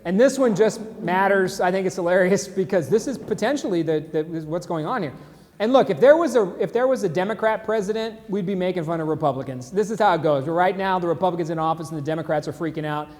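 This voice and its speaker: A man's voice: high-pitched, fast talker, darkish tone, big-room sound. A man hosting a live-stream show, chatting casually and joking about memes and sports. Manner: chatty, jokey, laughs at memes. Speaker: host. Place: San Antonio, Texas.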